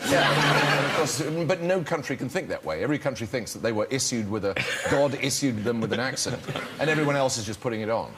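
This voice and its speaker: A man's voice: mid-range voice, animated, background noise. A man, a guest actor telling self-deprecating stories on a talk show with many restarts. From England. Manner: self-deprecating, halting storyteller. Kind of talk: anecdotal talk show chat. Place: TV studio. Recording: TV studio with loud audience.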